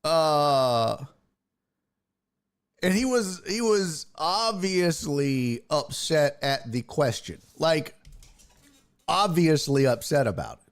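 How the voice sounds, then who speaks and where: Profane, unhurried sports-talk man. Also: fairly high pitch. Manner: profane, animated, mocking. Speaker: sports podcast host. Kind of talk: casual sports rant.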